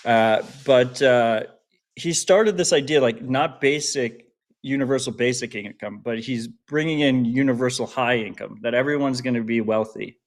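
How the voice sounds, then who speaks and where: A man's voice: medium pitch, normal speed. Blunt, profane male podcast co-host. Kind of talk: casual podcast chat.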